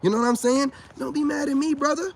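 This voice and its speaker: A man's voice: very high voice, steady tone, fast talker. A man giving a casual vlog monologue to camera, boastful and preachy, talking straight to his viewers as brothers and repeating his points. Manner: addresses viewers directly as brothers. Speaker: self-styled spiritual advice vlogger.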